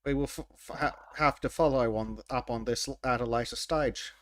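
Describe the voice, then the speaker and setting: A man hosting a podcast in casual chat, wry and sarcastic, with halting restarts. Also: mid-range voice, dry recording. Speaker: podcast host.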